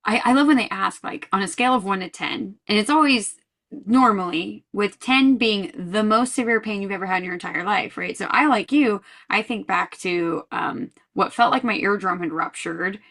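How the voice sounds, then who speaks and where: Podcast host, woman, bright and chatty, quick to laugh. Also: mid-range voice. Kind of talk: casual chat.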